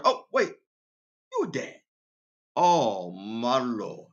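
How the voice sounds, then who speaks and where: A man's voice: huge pitch swings, extremely slow, pauses often, fairly bright tone, dull audio. A man hosting a casual radio show, telling dad jokes, laughing at his own punchlines and talking straight to his listeners. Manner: quoted voices go far higher in pitch.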